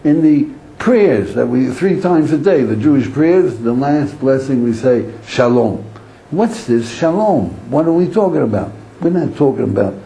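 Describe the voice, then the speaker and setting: Animated rabbi with a mellow voice. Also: male voice, mid-range voice, poor audio. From Israel. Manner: animated storytelling, acts out inner voices, chuckles often. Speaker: rabbi lecturer. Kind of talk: Torah lecture to an audience.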